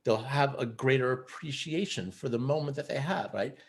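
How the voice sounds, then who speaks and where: A man coaching other men, telling stories in a casual interview, earnest and animated, with many fillers like "you know" and "like". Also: medium pitch, moderate pace, gravelly. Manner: earnest, animated storyteller who acts out quotes. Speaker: guest, men's coach.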